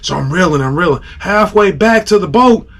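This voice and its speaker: A man hosting a podcast, telling a story in a casual, animated way, with sound effects and lots of "like". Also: sits high, normal speed.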